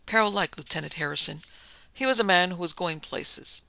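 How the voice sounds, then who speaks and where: A man narrating a pulp crime story in a steady, plain storytelling manner. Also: sits high, a little fast, vocal fry, no room sound.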